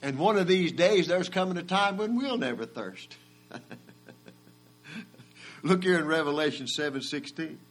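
A high-pitched man preaching, swelling to shouted climaxes and falling back to a low, hushed delivery. A faint electrical hum sits under the recording. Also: animated, measured pace, pauses often. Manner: swelling to a shout at peaks, then dropping low. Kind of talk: sermon. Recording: mains hum in the background.

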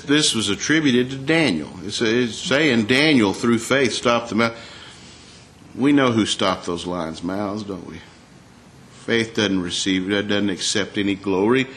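A man preaching a sermon in a conversational way, asking the congregation rhetorical questions and reading scripture aloud more slowly. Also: on the low side, fairly bright tone. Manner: reads scripture aloud in a slower, raised voice.

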